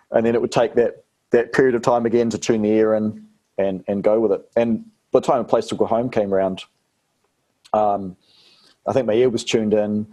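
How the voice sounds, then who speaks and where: Low, mellow New Zealand man. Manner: rambling, many fillers and restarts. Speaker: actor guest. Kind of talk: casual interview chat.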